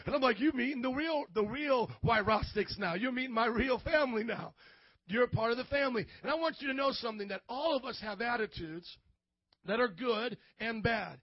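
A man's voice: very high-pitched, dry recording, highs cut off. A man in his thirties preaching a sermon as pastor, calling for amens and acting out quoted voices. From grew up in an Italian family. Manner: call-and-response preaching, asks congregation for amens.

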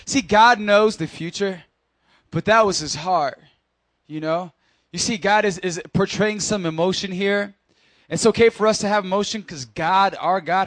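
A man's voice: high-pitched, fairly bright tone, dry recording. A man preaching in a casual, conversational way, speaking directly to his congregation and acting out Bible scenes. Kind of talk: sermon.

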